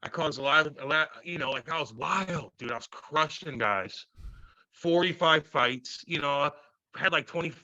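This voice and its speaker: A man in his thirties, a former hockey player, telling stories loudly and profanely in a casual interview. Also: a little high, normal speed, no echo, lo-fi sound. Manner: loud, profane, animated storytelling.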